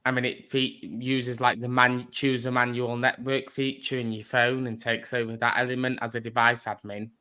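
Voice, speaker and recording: A man's voice: medium pitch, little pitch movement, normal speed, hardly any pauses, bright, forceful tone, clean tone. A man chatting as a livestream guest, explaining things at length with many hesitant fillers. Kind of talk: casual chat.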